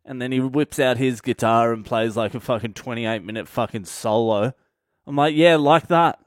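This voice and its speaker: A man's voice: mid-range voice, normal speed, no echo, studio quality. Profane Australian man telling a story. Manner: profane, blunt, deadpan. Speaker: stand-up comedian. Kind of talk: comic storytelling monologue.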